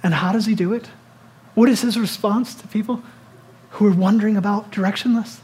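A pastor giving a sermon in a conversational style, asking the listeners many rhetorical questions and moving between loud, urgent lines and soft, hushed ones. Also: mid-range voice, steady tone, brisk.

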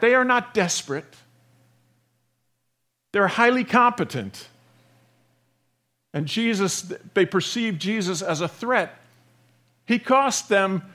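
A man preaching a sermon, moving between loud emphatic passages and hushed, soft ones. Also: very high-pitched. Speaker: pastor.

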